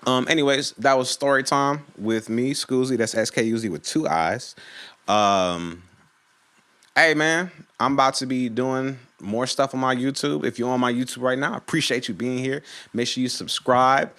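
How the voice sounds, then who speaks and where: A man's voice: medium pitch, normal speed, fairly bright tone. A man from Virginia telling a casual, profane story on his channel and acting out the people in it. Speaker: storytime YouTuber.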